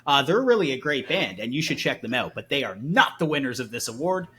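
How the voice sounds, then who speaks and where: A man's voice: mid-range voice, sing-song, fairly quick, pushed and bright, breathy edge. A man co-hosting a podcast, handing out joking music awards in playful banter. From Southern Ontario. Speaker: podcast co-host. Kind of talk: casual comedic awards banter.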